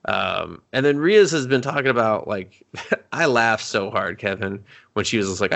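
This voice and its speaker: A man's voice: on the low side, expressive, moderate pace, vocal fry, fairly bright tone. A man co-hosting a casual movie review podcast, swearing freely, laughing often and acting out characters' lines. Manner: laughing, profane, acts out characters in quotes. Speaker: podcast co-host.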